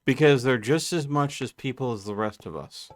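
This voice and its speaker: A man's voice: medium pitch, soft background music. A man on a live game stream, chatting casually and thinking aloud as he plays. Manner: slow, thinking aloud while playing. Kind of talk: casual live gameplay chat.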